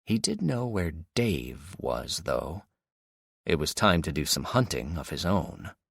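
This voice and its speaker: A man reading an audiobook in a steady, even storytelling manner. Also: a bass voice, slow, gravelly, husky, no echo, studio quality. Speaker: audiobook narrator. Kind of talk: scripted audiobook narration.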